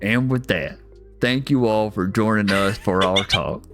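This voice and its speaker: A man's voice: lowish voice, unhurried, music in the background. A man hosting a casual podcast chat, blunt and profane, often restarting and repeating his words. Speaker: host.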